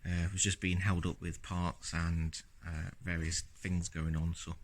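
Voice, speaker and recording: A man talking casually through his car-repair video diary on a handheld phone camera, relaxed and rambling with lots of fillers. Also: deep voice, unhurried, background noise. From Scotland.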